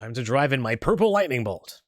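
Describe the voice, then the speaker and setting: A man's voice: mid-range voice, sing-song, a little fast, no room sound, clean studio sound. A man streaming a racing game, talking to himself in a sarcastic, self-deprecating way. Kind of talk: casual gameplay commentary.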